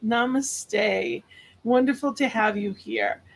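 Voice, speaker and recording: A woman's voice: fairly high pitch, slow pace, gravelly. A woman hosting a conversational interview, affirming and encouraging her guest. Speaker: host.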